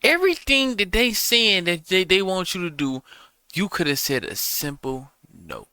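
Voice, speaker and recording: Male reaction host, blunt and profane, bright forceful voice, dry close mic. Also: high-pitched, animated, measured pace, clean tone, dry recording. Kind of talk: reaction commentary.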